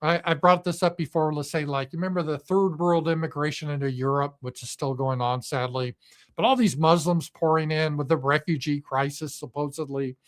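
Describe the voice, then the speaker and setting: A man's voice: on the high side, fairly even intonation, fairly quick. A man giving an opinion commentary monologue in a sarcastic, mocking manner. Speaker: political commentator.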